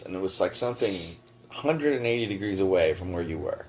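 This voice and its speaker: A man's voice: fairly low pitch, animated, brisk. A man co-hosting a podcast in casual chat, making wry, joking asides. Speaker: podcast co-host.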